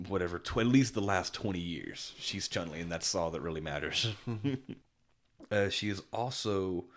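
Deep-voiced man chatting enthusiastically. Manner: rambling, enthusiastic, many restarts and fillers. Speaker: podcast co-host. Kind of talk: casual chat.

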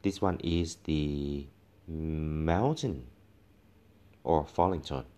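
A man with an extremely low voice leads a pronunciation lesson at an unhurried, drawn-out pace. He demonstrates each sound patiently, repeating syllables for students to copy. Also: mellow. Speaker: language teacher.

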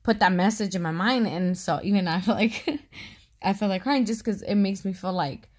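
A woman in her thirties chatting casually as a podcast co-host, talkative and quick to laugh. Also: mid-range voice. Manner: chatty, laughs often, talks a lot. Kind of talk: casual conversation.

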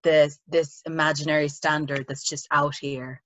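Speaking at a moderate pace with a flat delivery, a young Irish actress on as a guest chats casually and acts out whoever she's quoting. Her voice sits low, and her accent is Irish mixed with American touches. The muffled, dull recording carries a little hiss or hum.

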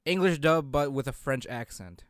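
A man's voice: medium pitch, moderate pace, dry recording, studio quality. A man co-hosting a podcast, rambling through casual banter and laughing often. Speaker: podcast co-host.

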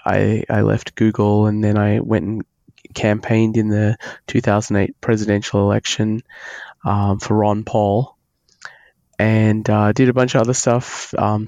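A man's voice: lowish voice, creaky, a little mellow, no echo. A man in his forties from Australia with an Australian accent, speaking as a podcast guest while he has a cold, rambling with many fillers and restarts. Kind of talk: casual interview chat.

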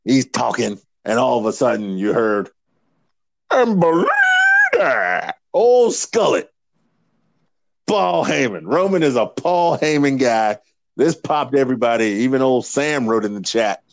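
A man co-hosting a casual podcast, telling stories in a profane, animated way. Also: mid-range voice, moderate pace, gravelly, no echo. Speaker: podcast co-host. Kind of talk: casual chat.

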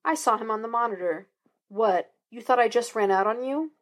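A woman's voice: a little high, moderate pace, lightly acted. A woman reading the lines of a nervous male sidekick who sounds indignant. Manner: indignant, defensive.

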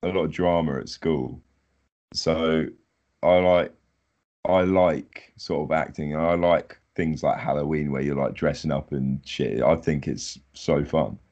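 A man's voice: extremely low pitch, a little slow, a little mellow, lo-fi sound. A man, a podcast guest chatting casually in an easygoing, self-deprecating way. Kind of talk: casual chat.

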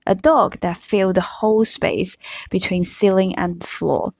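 A woman reading a novel aloud with her own comments, in steady storytelling. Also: mid-range voice, a little slow, vocal fry, dry recording. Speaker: reader.

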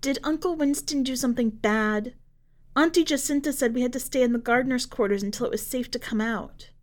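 Woman doing a worried little girl, high and raised voice, anxious, questioning, storybook reading. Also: brisk, natural voice. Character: anxious young girl, eldest child.

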